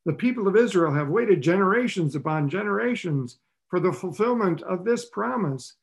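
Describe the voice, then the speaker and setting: A man's voice: animated, normal speed, vocal fry. A man preaching a sermon in a conversational way, asking the listeners rhetorical questions. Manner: voices the characters' lines with rising pitch.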